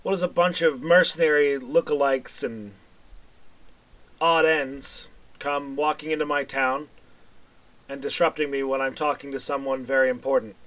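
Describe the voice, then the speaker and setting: A man voicing a busy, irritable halfling mayor with a booming, exasperated way of talking. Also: steady tone, moderate pace, a bit bright, close to an everyday voice, low-quality recording. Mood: haughty.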